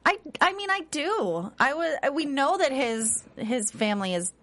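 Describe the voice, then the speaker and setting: A woman's voice: high voice, very animated, measured pace, fairly bright tone. A young adult woman co-hosting a casual TV recap show, chatty and hesitant, with many fillers and restarts. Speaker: co-host.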